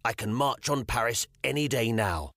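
A man's voice: medium pitch, lively intonation, moderate pace, a bit bright, no echo, studio quality, voice pushed up. A male audiobook narrator voicing a weary, frustrated medieval king who speaks impatiently. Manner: irritable, scowling, impatient. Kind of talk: audiobook character voice.

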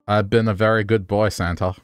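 A man casually streaming a game, playful and jokey while pitching silly schemes. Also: little pitch movement, fairly quick, soft background music. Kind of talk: casual gaming stream chat.

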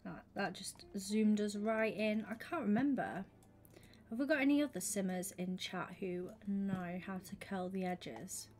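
A young woman livestreaming a game, chatting with her viewers and thinking out loud, often slipping into a whisper. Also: medium pitch, lively intonation, a little slow. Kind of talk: casual gaming stream chat.

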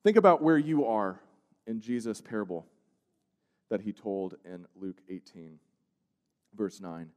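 A male pastor delivering a sermon, moving from hushed, slow passages to loud, emphatic outbursts. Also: lowish voice. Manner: preaching with swings from hushed to emphatic. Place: church sanctuary. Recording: long church-hall reverb.

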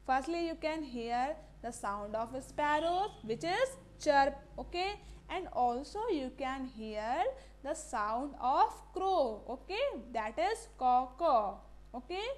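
A woman's voice: high-pitched, expressive, slow. A woman teacher, giving a classroom lesson, asking the class questions and repeating key words, now and then slipping into Hindi. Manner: mixes Hindi phrases into English.

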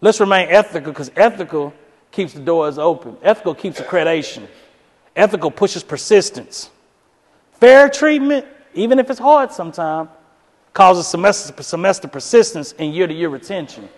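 A man giving a storytelling keynote speech, animated and acting out other people's voices. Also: moderate pace, long reverb tail. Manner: animated, acts out voices with high falsetto for women. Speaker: keynote speaker.

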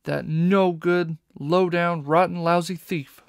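A man voicing a fierce female fox police inspector who shouts orders, from a storybook reading. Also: medium pitch, steady tone, normal speed, gravelly, dry recording, clean studio sound, lightly acted. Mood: furious. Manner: forceful, shouting.

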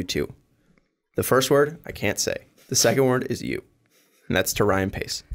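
A man's voice: on the low side, creaky, a little hiss or hum. A man hosting a casual sports talk show, ranting bluntly and with profanity about his team. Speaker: sports podcast host.

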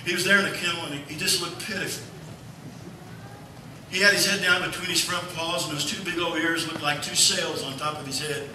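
A male pastor preaching a sermon, telling a family story in a folksy, animated way. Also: fairly high pitch, brisk, slight background noise. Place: church sanctuary. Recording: echoey church hall from far off.

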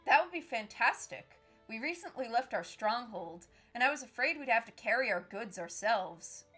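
A woman's voice: a little high, lively intonation, normal speed, a bit bright, soft background music. A woman voicing an earnest young male mercenary commander in a game, speaking plainly and politely.

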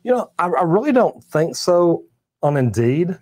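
A man's voice: fairly high pitch, very animated, moderate pace, a little mellow, dry recording. A middle-aged man from Texas, a master plumber hosting a live stream, answering viewer comments in a friendly, encouraging way and often repeating himself.

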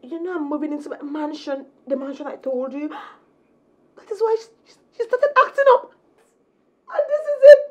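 A shrill drama queen with a Nigerian accent, ranting in a very high voice that swings wildly up and down. She keeps repeating herself and turns on tears at will in this film scene. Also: expressive, moderate pace, dull audio. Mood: tearful. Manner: loud, repetitive ranting in Nigerian Pidgin. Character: loud theatrical young woman, quarrelsome and fake-tearful. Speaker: scheming woman demanding a refund. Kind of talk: Nollywood film acting.

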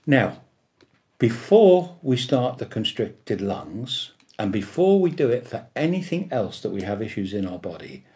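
A man's voice: fairly low pitch, sing-song, measured pace, darkish tone. A man teaching a tapping technique, speaking emphatically and often checking in with his listeners as he demonstrates repeated affirmations. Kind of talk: instructional demonstration.

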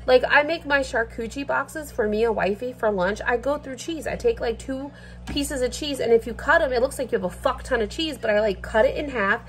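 A woman's voice: fairly high pitch, fairly quick. Blunt, swearing woman vlogger. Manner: blunt, swears freely, filler-heavy. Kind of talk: casual rant while cooking. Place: home kitchen.

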